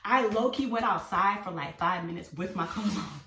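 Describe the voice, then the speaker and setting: A woman's voice: medium pitch, moderate pace, a little hiss or hum. Roomy, distant woman telling a story. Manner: animated, swears freely, acts out her own panic. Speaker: vlogger. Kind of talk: casual storytime monologue. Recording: roomy sound from away from the mic.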